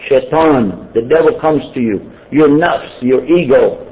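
A man's voice: on the high side, very animated, moderate pace. A man giving an informal sermon, joking and putting questions to his listeners. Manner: conversational and joking, asks the audience questions. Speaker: Muslim preacher. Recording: tinny phone-like sound with faint noise.

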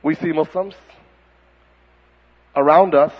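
A man's voice: fairly high pitch, fairly even intonation, slow. A man preaching a fiery, mocking sermon full of impressions. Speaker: Muslim preacher. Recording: dull recording with long hall reverb.

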